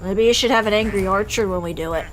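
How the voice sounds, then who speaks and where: Woman, stream host, casual gaming chat; giggly, mid pitch, faint background hiss. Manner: giggly, quick short reactions.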